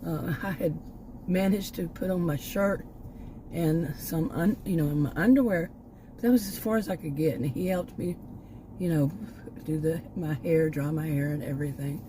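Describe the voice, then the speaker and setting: A woman's voice: sits low, moderate pace, background noise. Older woman rambling, a bit breathless. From Texas, United States. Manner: rambling, with many restarts and asides. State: short of breath, voice going. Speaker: vlogger. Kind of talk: casual personal vlog talk.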